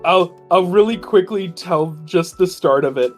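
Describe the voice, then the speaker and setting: Slow, laughing storyteller on a group call. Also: medium pitch, faint music behind. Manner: excited storytelling, laughs often, quick impressions. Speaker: game creator. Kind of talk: casual chat on a group call.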